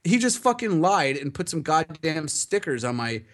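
A man's voice: fairly high pitch, sing-song, moderate pace. A young man rambling through a story in casual chat, acting out the dialogue and swearing often.

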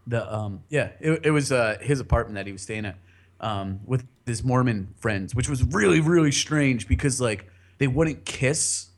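A man's voice: medium pitch, moderate pace. A rambling, laughing man telling a story. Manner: rambling, laughs often, swears freely. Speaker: podcast guest telling a story. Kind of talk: casual storytelling chat.

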